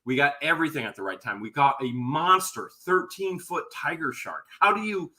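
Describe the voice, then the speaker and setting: A man co-hosting a casual livestream chat, telling stories in an animated way and shouting when he acts out what others said. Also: fairly high pitch, moderate pace. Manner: animated storytelling, shouts when acting out quotes. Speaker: YouTube channel co-host.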